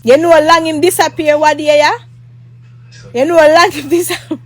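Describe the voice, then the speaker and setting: In her vlog, a woman with a Jamaican accent tells a storytime monologue that turns into a rambling, fiery rant, full of repetition, frequent swearing and bits of mock prayer. Her high-pitched voice moves fairly quickly with a mostly even intonation.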